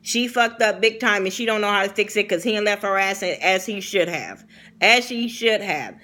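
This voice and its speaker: A woman's voice: mid-range voice, animated, normal speed, sharp tone. A young woman gives a blunt, profane, opinionated casual recap of a reality show episode.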